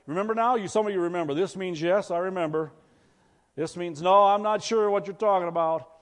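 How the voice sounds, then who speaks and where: Speaking a little fast in a high-pitched voice, this male pastor delivers a conversational sermon and puts questions to his congregation. The recording carries the long reverberation of a church hall.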